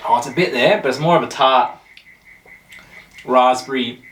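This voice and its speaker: A man's voice: medium pitch, normal speed, a bit bright, recorded from a distance. A man hosting a casual beer tasting show, chatting in a rambling, jokey way. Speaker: host of a beer review show. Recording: roomy echo, voice off-mic.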